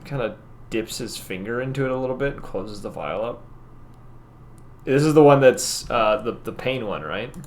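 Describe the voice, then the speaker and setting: Casting note: easygoing male game master, mid-pitched voice, faint hiss behind. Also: normal speed. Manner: relaxed, rambling descriptions with laughs. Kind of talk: narrating a tabletop game.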